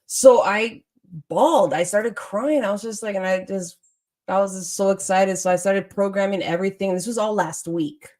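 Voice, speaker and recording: A young adult woman hosting a casual chat, telling a story in a lively way, laughing often and acting out what people said. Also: medium pitch, normal speed. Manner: animated, laughs often, acts out quotes. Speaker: podcast host.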